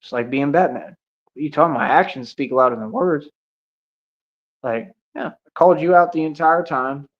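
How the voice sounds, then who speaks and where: A man's voice: a little high, fairly quick, muffled recording. Indignant man ranting on a stream. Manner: indignant, repetitive, confrontational. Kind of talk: livestream rant.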